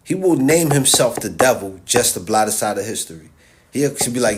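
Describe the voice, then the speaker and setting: A man's voice: fairly low pitch, animated, moderate pace. A man delivering an impassioned casual monologue straight to his viewers. He is emphatic and repetitive, restarts his sentences often and keeps checking in with "all right?". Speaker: social media commentator.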